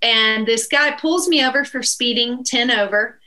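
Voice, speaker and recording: A woman's voice: on the high side, normal speed, low-quality recording. A middle-aged woman from East Texas with a Texan accent, telling a story as a guest and laughing as she goes. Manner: animated, laughs through her story. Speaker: guest musician. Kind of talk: casual storytelling.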